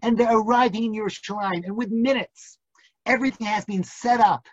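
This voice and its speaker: Storytelling rabbi on a dull video call. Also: male voice, high voice, fairly even intonation, a little fast, no echo. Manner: vivid, builds suspense, hams up national accents for laughs. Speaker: rabbi teaching an online class. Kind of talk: dramatic storytelling lecture.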